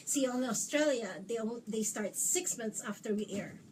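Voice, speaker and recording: A woman's voice: a little high, normal speed, darkish tone. A middle-aged woman hosting a live chat show interview, bubbly and joking, laughing often. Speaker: talk show host. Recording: distant mic, faint background noise.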